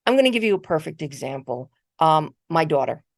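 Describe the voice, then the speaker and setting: A middle-aged woman giving a motivational keynote, telling a personal story in a conversational, animated way and often repeating words. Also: deep voice, brisk, vocal fry, no echo, studio quality. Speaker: keynote speaker. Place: virtual conference talk.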